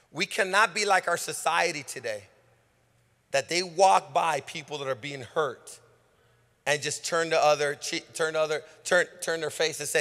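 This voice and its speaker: A man's voice: a little high, moderate pace, pushed and bright. A male pastor preaching a rousing sermon with call-and-response, recorded on a stage microphone in a church sanctuary. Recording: long reverb of a church hall.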